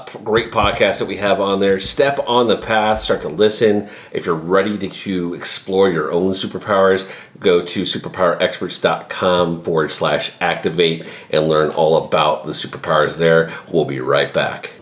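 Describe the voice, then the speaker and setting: A man's voice: low-pitched, steady tone, moderate pace, few pauses. A man hosting a podcast, chatting casually and often repeating words as he goes. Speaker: podcast host. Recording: roomy echo.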